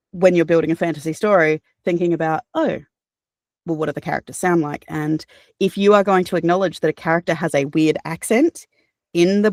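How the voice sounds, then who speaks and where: An Australian woman, a voice actor and audiobook narrator, answering interview questions in a chatty, animated way with fillers and restarts. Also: low voice, dry recording, clean studio sound.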